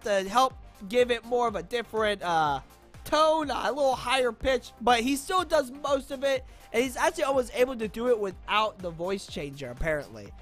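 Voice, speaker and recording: A woman's voice: on the high side, a bit bright. A woman from Boston, a YouTuber, giving playful, rambling commentary while showing character voices in a game. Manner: playful and rambling, with frequent laughs.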